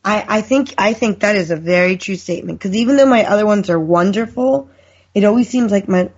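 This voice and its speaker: Chatty woman guest with a husky voice. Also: mid-range voice, a little fast. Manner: chatty, warm storyteller. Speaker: podcast guest. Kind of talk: casual podcast chat. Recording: muffled lo-fi call.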